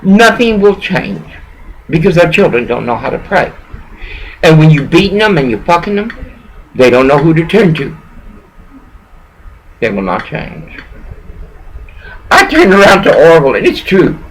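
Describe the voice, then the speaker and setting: A woman's voice: sits low, sing-song, normal speed, long pauses, poor audio. A woman talking to camera in a rambling, agitated, emotional monologue, swearing often and jumping from one thought to the next.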